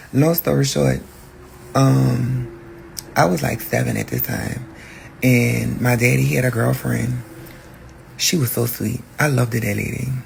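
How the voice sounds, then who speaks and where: A podcast host telling a personal story in a candid, profane, animated way. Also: male voice, mid-range voice, vocal fry, slight background noise.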